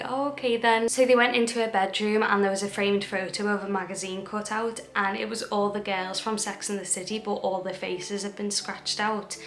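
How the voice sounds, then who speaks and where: Young woman vlogger, casual storytelling, monotone delivery, roomy echo. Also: medium pitch. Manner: chatty retelling with quoted dialogue and fillers. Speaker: true crime vlogger. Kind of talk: casual true crime storytelling. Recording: echoey room.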